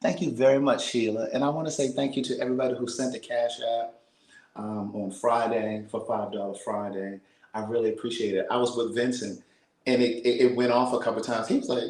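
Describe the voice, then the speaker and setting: An American man talking casually to live viewers from a small apartment, speaking softly and half-whispering, laughing and reading out comments. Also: medium pitch, moderate pace, roomy sound, poor audio. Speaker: vlogger on a livestream.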